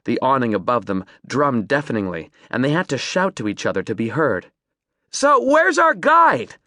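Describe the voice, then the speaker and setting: A man reading an audiobook as narrator, in measured, descriptive storytelling. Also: medium pitch, expressive, a bit bright, no echo, clean studio sound. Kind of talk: scripted narration.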